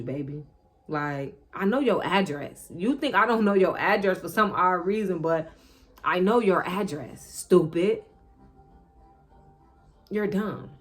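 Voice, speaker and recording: A woman telling a personal story straight to her viewers in a casual, animated and profane monologue. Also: lowish voice, measured pace, pauses often. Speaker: vlogger.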